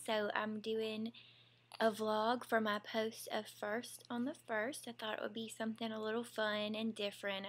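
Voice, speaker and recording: A woman's voice: mid-range voice, a bit bright. Young woman, Southern US accent, casual vlogger, giggly and chatty. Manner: chatty and giggly, drawling asides. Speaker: mom vlogger, former teacher. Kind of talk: casual home vlog, reading a word list.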